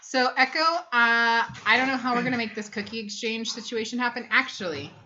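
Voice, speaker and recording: On a relaxed family livestream, a thirtysomething woman co-hosts, reading viewer comments between many ums in a chatty, wandering way. She speaks briskly in a slightly high, bright, forceful voice, over dull lo-fi stream audio with a little hiss or hum.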